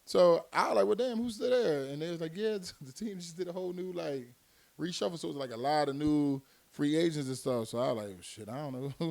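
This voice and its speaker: Man, ex-football player, guest on a chat show, rambling storyteller, laughs a lot, fairly high voice. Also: gravelly. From Miami, United States. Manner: rambling, laughs often, quick asides. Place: recording studio.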